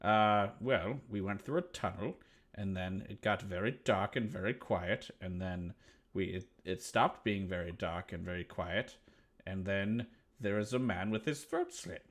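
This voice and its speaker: A man's voice: low-pitched, measured pace. A man playing a tabletop game, recounting events in character in a plodding, rambling way. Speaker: player.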